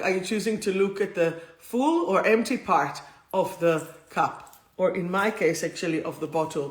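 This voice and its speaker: Rambling emotional woman in an echoey room. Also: on the low side. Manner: warm, rambling, emotional, easily moved. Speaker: spiritual healer and host. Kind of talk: live-streamed casual talk. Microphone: two phones streaming at once. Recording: roomy echo.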